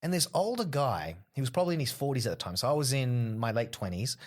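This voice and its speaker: An Australian man in his thirties, talking through a casual podcast chat. He tells stories with energy and jumps into the voices of the people he quotes. His pitch sits in the middle range for a man. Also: quick pace. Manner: animated storyteller who acts out quoted people. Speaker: podcast guest, comedian.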